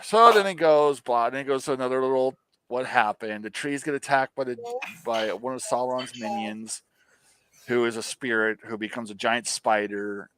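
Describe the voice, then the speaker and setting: A man hosting a casual review chat, animated and ranting, swearing freely. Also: mid-range voice, moderate pace, a little hiss or hum. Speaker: host.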